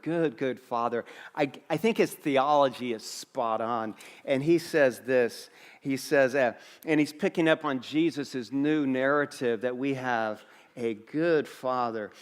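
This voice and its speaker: A middle-aged man preaching a sermon as a pastor, telling a story with humor and lively restarts. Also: mid-range voice, clean tone. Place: large church auditorium. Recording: long reverb of a church hall.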